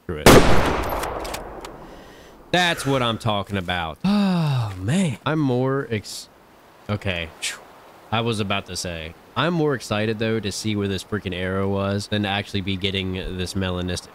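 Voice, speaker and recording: A man giving excitable hunting-game commentary, swearing and talking straight to his viewers. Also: lowish voice, moderate pace, a little hiss or hum. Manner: animated, swears often, talks to viewers. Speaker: gaming channel host.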